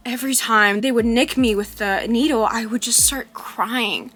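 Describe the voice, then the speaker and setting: A young woman talking candidly in a personal vlog about living with chronic illness, halting and full of fillers, with soft laughs. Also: on the high side, faint music behind. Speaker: vlogger.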